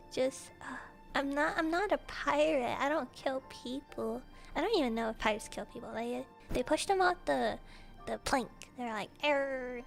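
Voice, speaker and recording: A woman's voice: high-pitched, creaky, fairly bright tone. A woman streamer answering viewer questions in casual chat, playful and giggly, laughing often between her jokes. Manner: joking, self-mocking princess bits.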